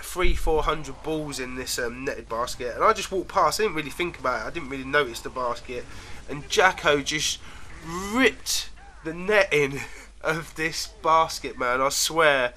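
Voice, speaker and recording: A man's voice: on the high side, moderate pace, sharp tone, slight background noise. A man casually telling rambling stories to camera, laughing often and trailing off mid-sentence. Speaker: vlogger. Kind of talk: casual storytelling.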